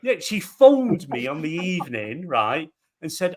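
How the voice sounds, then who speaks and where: A man on a gaming podcast, telling animated, swear-laden stories and acting out the quotes. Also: a little high, brisk. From England. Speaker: podcast panelist. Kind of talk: casual chat.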